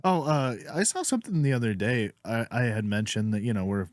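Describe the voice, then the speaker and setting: A man's voice: mid-range voice, a little fast, no room sound, clean studio sound. A man with a Pacific Northwest accent, co-hosting a comedy podcast and telling stories in a loose, joking way, acting out what others said. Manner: animated storyteller who acts out quotes. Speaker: podcast co-host. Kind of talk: casual comedic chat.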